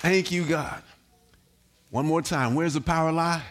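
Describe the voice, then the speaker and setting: A man preaching a sermon as pastor in a church, building to shouts, repeating words and calling on the congregation to respond. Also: a little high, steady tone, a little slow, a crowd in the background. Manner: repeats words, sings some lines. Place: church hall.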